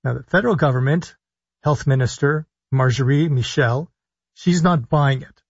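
A man, a physician hosting a call-in radio health talk show, speaking deliberately and stressing his points as he lists things one by one. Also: medium pitch, husky, no room sound. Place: radio studio. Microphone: studio broadcast mic. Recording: dull lo-fi radio sound.

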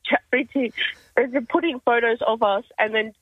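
A woman's voice: fairly high pitch, steady tone, a little fast, no echo, phone-quality sound. A woman calling in to a radio show, hesitant and giggly. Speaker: caller. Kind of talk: casual radio call.

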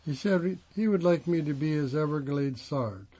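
Male reader, slightly higher voice, steady phrase-by-phrase read; dull lo-fi recording. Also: normal speed. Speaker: reader of a magazine profile. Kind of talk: reading a first-person profile aloud.

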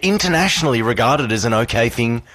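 A male radio host telling an anecdote, animated, acting out the voices of the people in it. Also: mid-range voice, fast talker, no room sound. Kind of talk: radio banter.

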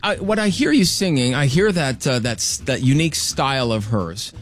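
A man's voice: mid-range voice, expressive, moderate pace, faint music behind. A man hosting a morning radio show, playful and teasing with his guest. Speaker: radio host. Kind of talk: casual morning radio chat.

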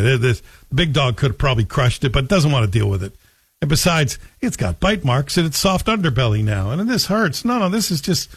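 Combative talk radio host. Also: male voice, fairly high pitch, no room sound. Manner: combative, emphatic, folksy storytelling. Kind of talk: opinionated radio monologue. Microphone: studio microphone.

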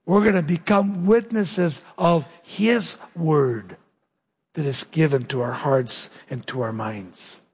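A man with a high, husky voice preaches a sermon, pressing his points and sinking low and slow for weight. His voice rings out with the long echo of a large hall. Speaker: pastor.

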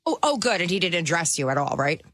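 A female co-host joining casual studio banter with a teasing edge. Her pitch moves around a lot as she talks. The voice is a little husky and sits close and dry. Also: big pitch swings, fast talker, a bit bright, dry recording. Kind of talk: casual chat.

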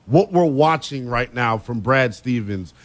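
A man hosting a sports talk radio show, emphatic and quick to laugh as he argues his takes. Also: mid-range voice. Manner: animated, emphatic, laughs easily.

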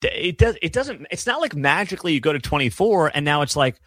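A man's voice: on the high side, sing-song, moderate pace, hardly any pauses, fairly bright tone, no room sound. A man in his thirties hosting a sports talk show, giving emphatic, sarcastic opinion commentary. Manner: emphatic, ranting, sarcastic asides.

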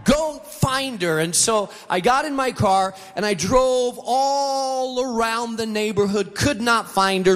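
A man's voice: high voice, a bit bright. A middle-aged man preaching a sermon to an auditorium, telling a story and acting out the voices of the people in it. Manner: storytelling, acts out quoted voices. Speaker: pastor. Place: large auditorium. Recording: long hall reverb.

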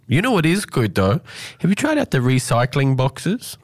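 A man's voice: medium pitch, wildly swooping pitch, moderate pace. A man hosting a radio show from a studio, talking in a playful, upbeat and jokey way. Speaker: radio host. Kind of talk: casual radio banter.

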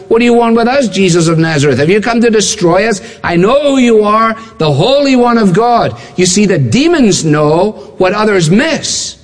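Male preacher, high-pitched and emphatic, recorded in a large church hall with long reverb. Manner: emphatic, building repetition, acts out quoted voices. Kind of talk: sermon.

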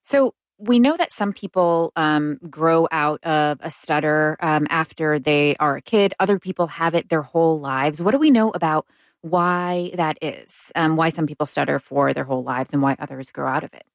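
Low-voiced woman asking questions. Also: normal speed, no echo, clean studio sound. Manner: curious, inviting. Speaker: interview host. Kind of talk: interview questions.

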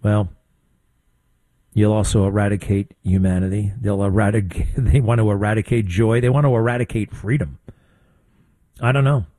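An older man hosting a talk show, giving blunt, conversational political commentary with quick asides. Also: lowish voice, steady tone, warm tone, dry recording. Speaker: radio talk show host.

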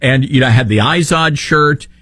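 A man's voice: mid-range voice, normal speed, bright, forceful tone, no echo. A middle-aged man hosting talk radio, opinionated, sarcastic and joking. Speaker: radio talk show host.

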